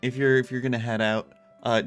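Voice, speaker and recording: A man's voice: mid-range voice, flat delivery, fairly quick, clear, resonant tone, soft background music. A man hosting a livestream in casual chat, a rambling storyteller who keeps restarting his sentences. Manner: rambling, self-interrupting storyteller with frequent laughs. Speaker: livestream host. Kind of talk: casual chat over a game stream. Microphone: earbuds with headset mic.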